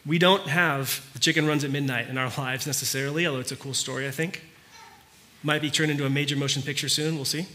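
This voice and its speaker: A man preaching, telling a story in a conversational way that turns quiet and earnest. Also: fairly high pitch, fairly even intonation, quick pace. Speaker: pastor. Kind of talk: sermon.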